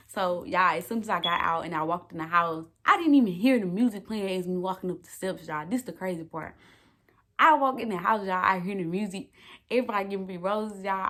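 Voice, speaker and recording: Lively, profane woman vlogger telling a story. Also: medium pitch, fairly quick. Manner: animated, profane, keeps calling out to viewers. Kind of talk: casual storytime to the camera.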